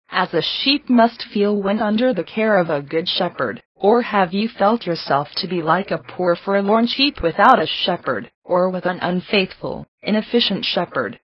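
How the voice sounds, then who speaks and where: A woman reading a devotional address aloud in an earnest, pleading, steady manner. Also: medium pitch, slightly rough, no room sound. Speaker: reader of a devotional text. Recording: dull lo-fi dry recording.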